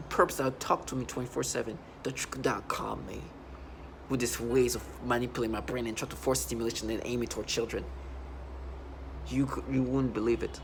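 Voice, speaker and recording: A man delivering an agitated, repetitive monologue for a video, swinging between low muttering and loud outbursts. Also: fairly even intonation, a little fast, creaky, slight background noise. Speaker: vlogger.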